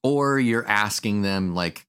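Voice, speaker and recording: A man's voice: fairly low pitch, slow pace, fairly bright tone, clean tone. A man, a therapist, hosting a casual podcast chat about relationships. He laughs often and acts out quoted lines.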